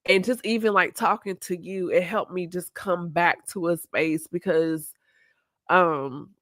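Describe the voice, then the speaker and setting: A woman, hosting a podcast and talking candidly and reflectively, quoting people in lively voices. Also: fairly low pitch, measured pace, dry recording, clean studio sound. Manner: reflective, open, quotes herself and others in lively voices. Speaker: podcast host. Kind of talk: candid conversational chat.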